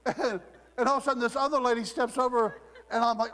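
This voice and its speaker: A man's voice: extremely high pitch, quick pace. A man preaching a sermon in a church, telling humorous stories and acting out the voices of the people in them. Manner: animated storyteller, acts out quotes in raised voice. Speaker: guest preacher. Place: church sanctuary. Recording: long hall reverb, mains hum.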